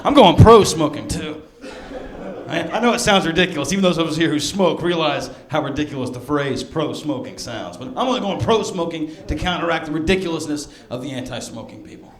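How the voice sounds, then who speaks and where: A man from near Birmingham, Alabama, with a mild Southern accent, doing a stand-up set in a sardonic, storytelling way with quick asides to the crowd. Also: on the high side, lively intonation. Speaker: stand-up comedian. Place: comedy club stage. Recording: echoey club room with crowd laughter. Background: audience laughter.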